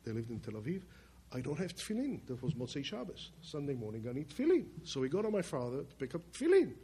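A man telling a personal story in plainspoken speech, swinging between loud emphatic bursts and quiet low passages. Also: huge pitch swings, fast, breathy edge. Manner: plainspoken, with restarts and loose grammar. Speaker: speaker telling his life story.

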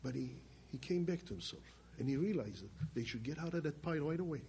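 An older man giving a spoken testimony from his family's past, emphatic and halting. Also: on the high side, lively intonation, mellow, slight background noise. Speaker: storyteller.

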